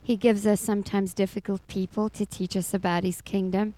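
A woman's voice: medium pitch, little pitch movement, brisk, mellow, no room sound, rough recording. A middle-aged woman giving a personal faith testimony as a foster mother, telling her story expressively and laughing often.

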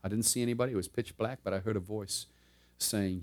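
A middle-aged man preaching a sermon. He tells a personal story, moving from loud, emphatic preaching to low, hushed narration, and laughs between lines. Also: fairly even intonation, fast talker.

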